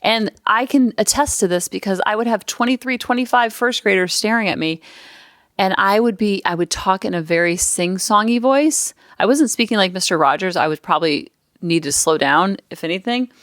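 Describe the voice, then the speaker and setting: A woman who is a parenting coach hosts a parenting podcast, talking casually and earnestly on her own into a close mic. Her mid-range voice is a bit bright and a little fast, with no echo.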